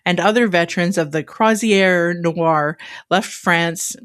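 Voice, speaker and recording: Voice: medium pitch, unhurried, fairly bright tone. Informative podcast co-host reading out research. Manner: informative, explaining carefully. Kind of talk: casual chat with read-out passages.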